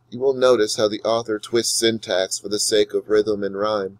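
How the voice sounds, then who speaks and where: Deep-voiced man giving a poetry lecture. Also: steady tone, no echo, poor audio. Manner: measured, explanatory, reads verse slowly and deliberately. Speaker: English teacher. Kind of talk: recorded lecture with poetry readings.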